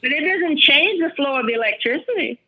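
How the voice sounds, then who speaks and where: Older woman, high-pitched, earnest interview guest; dull lo-fi recording. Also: animated, brisk. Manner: thoughtful, earnest, speaks with feeling. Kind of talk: reflective personal storytelling.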